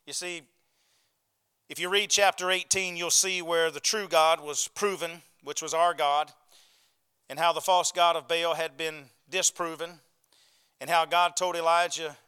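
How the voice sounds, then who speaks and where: The man, a pastor, preaches a folksy sermon and repeatedly asks his congregation "right?" and "amen?" His voice is a little high, with a sharp, clear, resonant tone.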